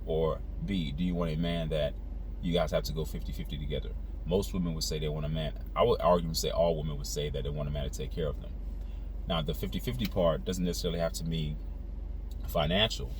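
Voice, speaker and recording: A man giving an earnest, opinionated monologue while driving, lecturing the listener and repeating words as he restarts. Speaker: vlogger. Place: inside a car while driving. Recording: loud road and engine noise inside a car. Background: traffic and engine rumble.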